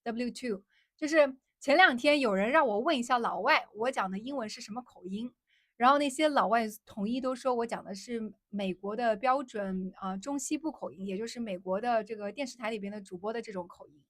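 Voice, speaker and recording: A woman's voice: on the high side, brisk, no echo. Chinese woman streamer, repeating her phrases in a dry voice. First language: Mandarin Chinese. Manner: repeats her phrases, switches between English and Mandarin. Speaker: livestream host. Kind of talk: casual livestream chat answering viewers.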